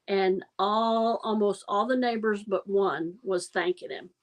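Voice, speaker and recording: This livestream host speaks at medium pitch with a steady tone, keeping a measured pace with few pauses. She laughs frequently and spins meandering stories while chatting casually with viewers, though the audio quality is poor.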